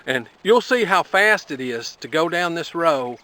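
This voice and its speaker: Man, homestead vlogger, folksy how-to talk, bright tense tone, slightly high voice, outdoor camera mic. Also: lively intonation, a little slow. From Appalachia. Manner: folksy, explains step by step with fillers. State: out of breath after planting. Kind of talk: casual how-to explanation. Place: outdoors on a farm field.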